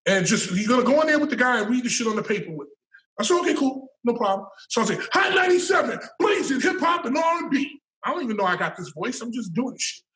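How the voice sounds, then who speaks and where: A man telling a story as an interview guest, loud and profane, breaking into shouted hype calls. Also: high-pitched, animated, racing, roomy sound, rough recording. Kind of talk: animated storytelling.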